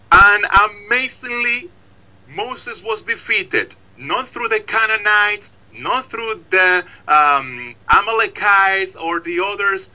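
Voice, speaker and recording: A man's voice: high voice, sharp tone, poor audio. A man preaching a sermon, emphatic and repetitive, acting out stories.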